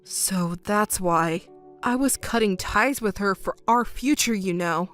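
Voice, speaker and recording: A woman's voice: mid-range voice, a little slow, fairly bright tone, soft background music, voice pushed down, lightly acted. A woman reading the part of a cheating husband in a texting story, pleading and defensive, stammering when cornered. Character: cheating, embezzling husband, adult man.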